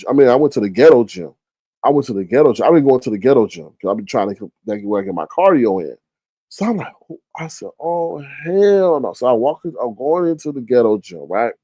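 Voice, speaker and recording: Animated man telling a profane story. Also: no echo. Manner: animated, profane, jumps into high-pitched exclamations when quoting himself. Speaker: streamer host. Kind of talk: casual storytelling rant.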